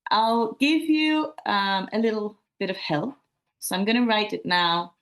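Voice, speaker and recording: A woman's voice: medium pitch, a little slow. A woman from Sunderland, giving an academic presentation at a conference in a friendly manner, often repeating herself and using fillers like "um.". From Sunderland, England.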